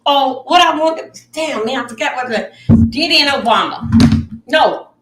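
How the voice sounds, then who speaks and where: A woman's voice: sits high, expressive, normal speed, very noisy. A woman hosting a live stream, reacting to clips in a dramatic, exclamatory way and talking straight to her viewers. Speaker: livestream host. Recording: echoey room, distant mic.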